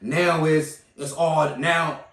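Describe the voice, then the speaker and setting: A man's voice: a little high, steady tone, slow pace, a bit bright. A man vlogger retelling a confrontation in a heated, casual way, repeating points for emphasis. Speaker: vlogger recounting an incident. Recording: echoey room, mic at a distance.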